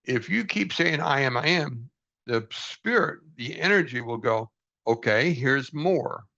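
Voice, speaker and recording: A man's voice: mid-range voice, lively intonation, a little slow, vocal fry, sharp tone. An older man reading from a book aloud and reflecting on it in an earnest, folksy, self-deprecating way, on a dull lo-fi recording. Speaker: book study host.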